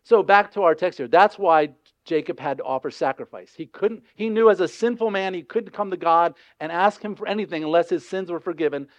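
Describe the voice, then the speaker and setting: A man's voice: sits high, fairly quick, no room sound. A man preaching an earnest sermon, now and then acting out quoted voices.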